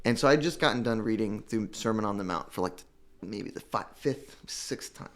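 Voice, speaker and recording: A young man telling his own recovery story in an earnest, halting way, repeating words and fighting back tears. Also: lowish voice, animated. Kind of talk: emotional personal testimony.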